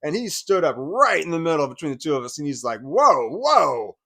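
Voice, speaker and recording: A man's voice: fairly high pitch, animated, fast talker, gravelly, pushed and bright, dry recording. A man telling a painful personal story in a rambling, emotional way, swearing and using lots of fillers. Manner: rambling, emotional, profane retelling with many fillers. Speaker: channel host sharing personal history.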